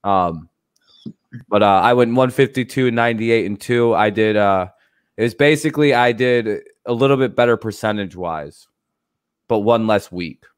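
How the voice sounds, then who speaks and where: A man's voice: fairly low pitch, normal speed, clear, resonant tone, no echo, studio quality. A man hosting a casual livestream, rambling loosely and swearing freely, with frequent laughs. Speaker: streamer host.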